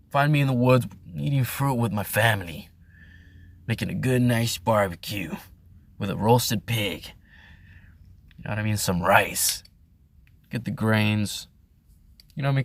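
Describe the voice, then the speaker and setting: Rambling, profane man. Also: medium pitch. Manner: rambling, profane, laughs often. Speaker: host. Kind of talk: casual vlog commentary.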